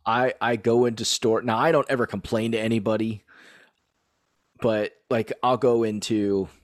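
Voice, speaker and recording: A man in his thirties chatting casually as a podcast co-host, telling stories with animated delivery and frequent laughter. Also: on the low side, moderate pace, dry recording, clean studio sound. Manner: animated storyteller who laughs often. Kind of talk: casual chat.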